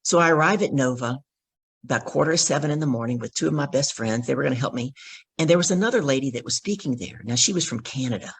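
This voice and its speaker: A middle-aged woman, a guest on a podcast, telling an animated story and acting out the dialogue in it. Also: rumbling low, fast talker. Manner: acts out the dialogue in her stories. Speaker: podcast guest, professional speaker.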